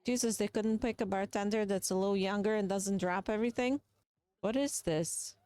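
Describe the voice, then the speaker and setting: A woman's voice: mid-range voice, moderate pace, dark tone, clear, resonant tone, no echo. A young adult woman hosting a gaming video, giving chatty, playful, gossipy commentary into a close mic. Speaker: gaming channel host. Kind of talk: casual game commentary.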